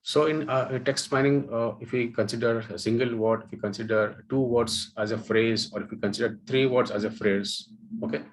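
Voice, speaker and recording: A man's voice: medium pitch, fairly even intonation, moderate pace, rough recording. A man teaching a webinar, explaining terms step by step and often checking in with "okay" and "guys". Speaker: data science instructor. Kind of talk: webinar lecture.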